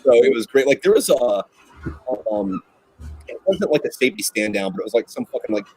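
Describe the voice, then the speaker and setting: A man's voice: medium pitch, very animated, fairly quick, a little mellow, slightly rough, no room sound, poor audio. A man in casual podcast chat, telling profane, laughing military anecdotes. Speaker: podcast guest.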